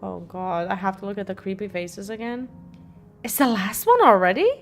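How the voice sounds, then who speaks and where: A woman streamer talks casually over her gameplay, reacting to everything as it happens and laughing often. Her pitch swings widely. Quiet game music runs behind her. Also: animated, moderate pace. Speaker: gaming streamer. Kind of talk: casual let's-play commentary.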